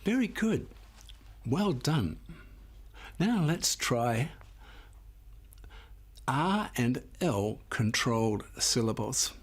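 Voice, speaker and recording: A man teaching a phonics lesson, explaining syllable rules patiently and sounding out words slowly and clearly for the class. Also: mid-range voice, big pitch swings. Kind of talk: slow, clear classroom instruction.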